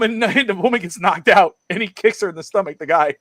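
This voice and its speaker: Animated rambling male sports co-host. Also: high voice, dry recording, studio quality. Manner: animated storyteller, quick and rambling. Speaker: podcast co-host. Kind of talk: casual sports chat.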